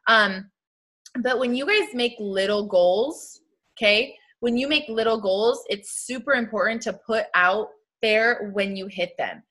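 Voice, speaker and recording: A young woman talks to her sales team on a casual live stream, chatty and upbeat with frequent laughs. Her voice is bright and a little high. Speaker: team leader hosting a live video.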